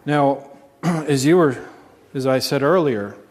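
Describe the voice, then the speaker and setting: Man, pastor, earnest sermon, mid-pitched voice, reverberant hall. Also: slow pace. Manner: earnest preaching, asks the congregation questions. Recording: long reverb.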